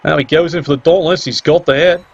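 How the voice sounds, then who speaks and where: A man's voice: fairly high pitch, steady tone, fast, creaky. A man commentating a video game match in a sarcastic, teasing way. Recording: dull lo-fi mic with faint hiss.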